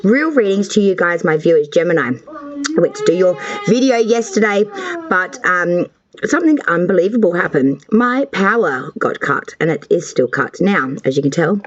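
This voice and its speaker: A woman's voice: lowish voice, expressive, normal speed, lo-fi sound. An Australian woman hosting a casual tarot reading from her cold home with the power out, chatty, rambling and swearing freely. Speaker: tarot reader and channel host.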